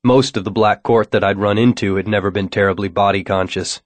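A man narrates a first-person story in a measured, wry way, his voice sitting on the low side. The recording is dry and close, with no room sound. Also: fairly even intonation, no echo. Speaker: audiobook narrator.

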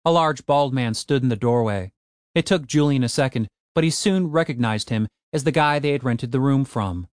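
A man narrating a comic fantasy audiobook in an expressive, wry way. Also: medium pitch, moderate pace, no echo, studio quality.

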